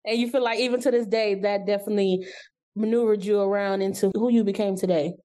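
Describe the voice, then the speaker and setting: A woman's voice: mid-range voice, fairly even intonation, quick pace, mellow. Woman asking casual interview questions. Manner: conversational, affirming questions.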